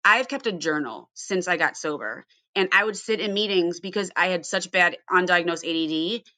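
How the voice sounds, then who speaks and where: A woman's voice: fairly low pitch, normal speed, sharp tone. A woman from Ohio hosting a casual recovery podcast, earnest and storytelling, often asking her guests questions. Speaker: podcast host.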